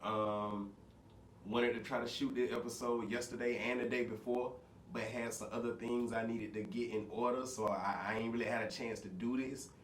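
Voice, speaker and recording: A slightly hoarse man hosts a laid-back podcast, his voice picked up from some distance in a roomy space. A faint hiss sits under his easygoing talk. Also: medium pitch, flat delivery. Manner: laid-back, swearing, drawn-out greetings. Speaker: podcast host. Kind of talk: casual podcast chat.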